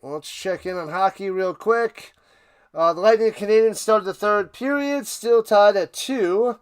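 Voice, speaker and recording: A man hosting a live stream, giving casual play-by-play commentary that bursts into excited shouted calls. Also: high voice, unhurried, clear, resonant tone.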